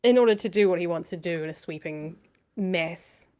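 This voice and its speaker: A woman co-hosting a casual political chat, earnest and thoughtful, pausing to search for words. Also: on the low side, a little mellow. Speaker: co-host.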